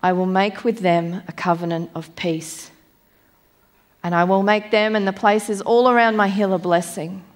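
A woman preacher giving a sermon, reading scripture aloud in a measured, emphatic way and slowing down on key phrases. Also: medium pitch, steady tone. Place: church.

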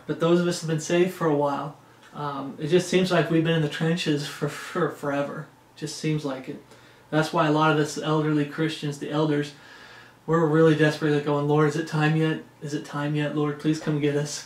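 Male preacher, conversational Bible-study delivery with scripture readings, slightly high pitch, echoey room. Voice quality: conversational, frequent "uh" and "okay?" check-ins. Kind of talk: informal sermon with scripture reading. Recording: roomy echo.

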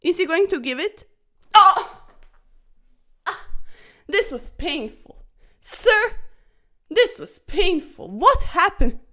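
A woman chess streamer giving casual, excitable commentary over fast games, chatty and a little breathless, tacking "sir" onto her sentences. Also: very high voice. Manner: excitable, chatty, keeps saying "sir", laughs often.

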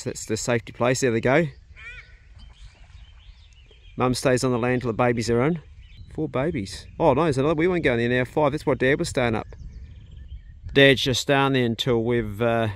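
A middle-aged man with a New Zealand accent, chatting in a relaxed, plain-spoken way as he walks around his farm outdoors. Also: mid-range voice, normal speed. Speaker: vlogger, farm owner. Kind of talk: casual narration on a farm walk.

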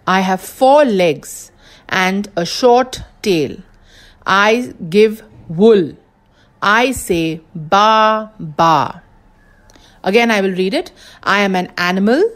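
A woman kindergarten teacher with an Indian English accent reads animal riddles aloud at an unhurried, deliberate pace. Her voice sits in a middle register as she coaxes small children to guess, patient and encouraging. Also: mid-range voice. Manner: slow, patient, coaxing teacher voice.

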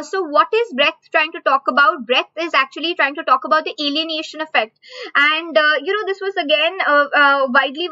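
A woman with an Indian English accent teaching a live online exam-prep class, repeating questions slowly for emphasis. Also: sits high, bright, forceful tone, dry recording, dull audio.

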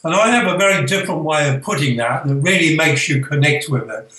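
An older man, a spiritual author, telling a personal story in an earnest, halting way with many fillers. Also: a little high, sharp tone. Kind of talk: storytelling, reflective. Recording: echoey room, distant from the mic.

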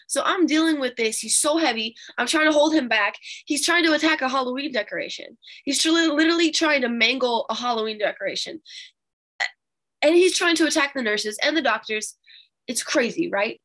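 Animated high-voiced woman preaching. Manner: animated, emphatic, addresses audience directly. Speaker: prophetess leading Bible study. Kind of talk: storytelling sermon.

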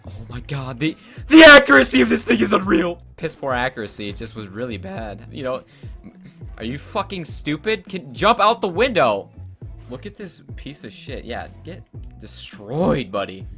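A young man narrates his own gameplay in a frustrated, swearing rant, snapping insults at the other players. His voice is bright and edgy and leaps around in pitch. Faint music plays underneath. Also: big pitch swings, normal speed, gravelly. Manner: ranting, frustrated, swears a lot, yells at opponents. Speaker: gaming YouTuber. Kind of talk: gameplay commentary.

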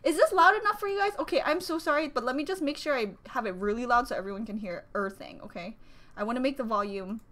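A woman reacting to a music video, with excitable, gushing exclamations and a little out of breath. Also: fairly high pitch, fast talker, a little hiss or hum. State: slightly out of breath. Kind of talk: casual reaction commentary. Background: music video playing.

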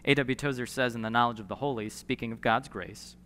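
Bright-voiced pastor preaching in a reverberant hall. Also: male voice, medium pitch, steady tone. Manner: earnest preaching with emphatic pauses and repeated phrases. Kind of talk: sermon. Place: church sanctuary. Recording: long church hall reverb.

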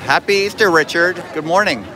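A hoarse-voiced man co-hosting a casual outdoor livestream, joking and greeting viewers. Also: high voice, brisk. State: hoarse from yelling. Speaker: livestream co-host. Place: outdoors at a theme park. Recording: outdoor phone stream with crowd noise.

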